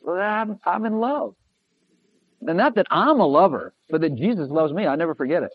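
Man, preacher, emphatic, repetitive, higher voice, dull lo-fi sound. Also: lively intonation, moderate pace, dry recording. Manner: emphatic, repetitive, swings between loud and hushed. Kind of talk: sermon. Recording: dull lo-fi recording.

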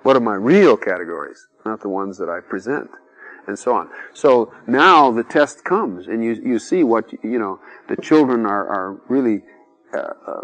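A man's voice: medium pitch, poor audio. A middle-aged man giving an informal sermon, chatty and full of asides, acting out little quoted voices. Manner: conversational, peppered with "you know", acts out quoted voices.

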